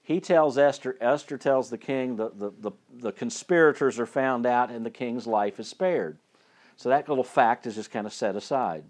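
A man's voice: medium pitch, normal speed. A male preacher retells a Bible story in a loose, chatty way. He often stops and repeats words before pressing on.

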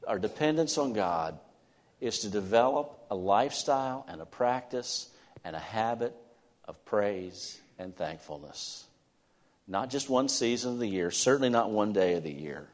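A male pastor preaching a sermon, alternating loud emphatic stretches with soft, slow, quiet endings. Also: lowish voice, expressive. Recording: long reverb of a large hall.

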